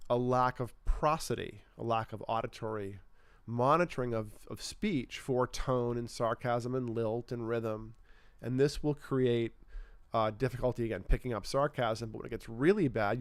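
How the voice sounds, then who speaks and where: A man's voice: mid-range voice, clear, resonant tone, no echo. A man explaining brain science in an unscripted livestream, thinking aloud with fillers and restarts. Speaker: neuroscience educator.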